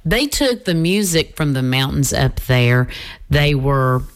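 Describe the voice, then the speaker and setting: Woman, radio host, low voice, slow folksy delivery. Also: big pitch swings. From North Carolina. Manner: unhurried, folksy, with some fillers and restarts. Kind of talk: gospel bluegrass radio hosting.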